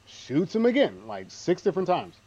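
A man's voice: high voice, huge pitch swings, moderate pace, mellow, breathy edge. Male podcast co-host, dry and rambling, slightly dull recording. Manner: rambling, self-deprecating, dry asides. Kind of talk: casual movie recap chat.

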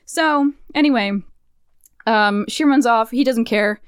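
A woman in her thirties co-hosting a podcast, recapping a game in animated, profane storytelling. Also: a little high, a little slow, clean tone, dry recording, clean studio sound. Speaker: podcast co-host. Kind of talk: casual game recap chat.

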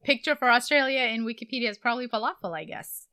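Bright-voiced playful woman podcast host. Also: a little high, smooth, dry recording. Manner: playful, laughing, quick asides. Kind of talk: casual chat.

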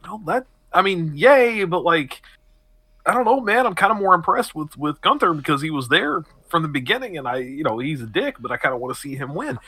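A young man co-hosting a casual podcast, wry and quick to laugh, often slipping into mocking quoted voices. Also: a little high, big pitch swings, pushed and bright, slightly rough, no room sound. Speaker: podcast co-host. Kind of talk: casual wrestling chat.

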